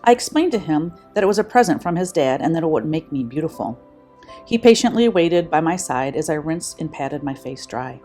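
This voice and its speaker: A woman's voice: deep voice, lively intonation, fairly quick, mellow. A woman in her fifties, a vlogger, reading short funny anecdotes aloud in a light, amused way. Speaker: vlogger host. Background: faint background music.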